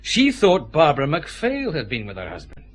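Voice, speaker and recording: An actor with a Scottish accent playing a methodical, confident detective chief inspector pressing suspects in a radio drama. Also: male voice, on the high side, huge pitch swings, moderate pace.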